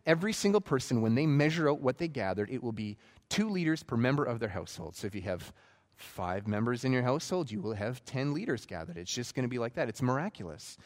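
A man's voice: mid-range voice, quick pace. Man preaching in a reverberant hall. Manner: animated storytelling with acted quotes. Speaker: pastor. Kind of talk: sermon.

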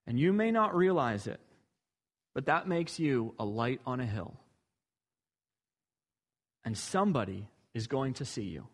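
A man preaching a sermon, earnest and emphatic, building to rhetorical questions. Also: medium pitch.

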